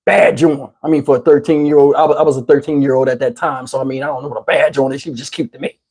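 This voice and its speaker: A middle-aged man casually telling a personal story in an animated, streetwise way, with lots of "you know what I'm saying" asides. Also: mid-range voice, quick pace, slightly rough. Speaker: YouTube storyteller.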